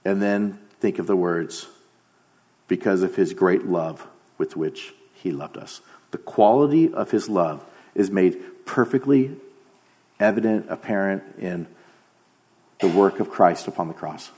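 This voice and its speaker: A man's voice: deep voice, lively intonation, measured pace, darkish tone. A man preaching a sermon, emphatic, dropping to a near-whisper on key phrases.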